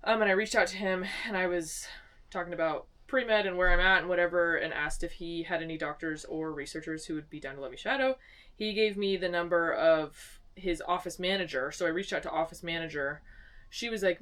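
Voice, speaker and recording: In a small home studio, a young woman from Arizona talks briskly in a fairly low voice, sounding distant from the mic. As a podcast co-host, she spins stories in relaxed conversation, performing the quotes in lively voices.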